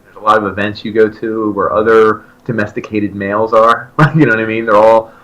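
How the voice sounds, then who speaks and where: A man in his thirties, a podcast co-host, telling a long story in casual chat and acting out his own excited remarks. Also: fairly low pitch, a little fast, poor audio. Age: 30s. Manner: animated, jumps into loud excited quoted voices.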